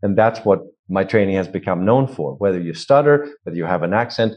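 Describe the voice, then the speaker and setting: A Swedish-accented man with a lowish voice talks through voice training as an interview guest. He stops to act out sounds as he explains them. The recording is a little dull and lo-fi. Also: fairly quick. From Sweden. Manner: animated, demonstrates sounds aloud. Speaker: vocal coach.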